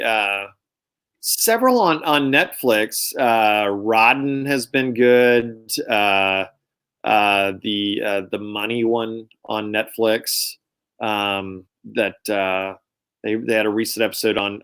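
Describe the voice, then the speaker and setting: A man from the Southeast United States, a financial adviser, chatting as a guest on a live video call and pausing often with fillers. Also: on the low side, fairly bright tone, smooth. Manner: hesitant, many fillers when listing. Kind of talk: casual video-call chat.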